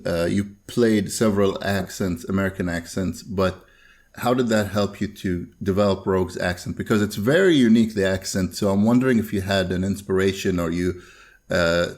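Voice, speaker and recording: Very deep, gravelly-voiced male host. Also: steady tone, moderate pace, a little mellow. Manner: earnest fan questions with "uh" and "like" fillers. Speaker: podcast host. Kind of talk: casual interview questions.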